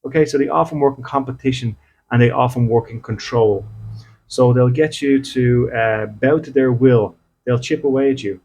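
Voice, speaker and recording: Slight background noise sits under a gravelly, darkish, mid-range voice moving at a moderate pace. The speaker, an Irish spiritual medium and podcast host, talks casually, acts out small dialogues, and often asks his audience "okay?".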